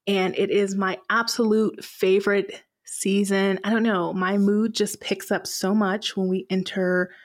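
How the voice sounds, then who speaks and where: Chatty woman podcast host. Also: medium pitch. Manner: chatty, playfully sarcastic. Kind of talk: solo podcast talk.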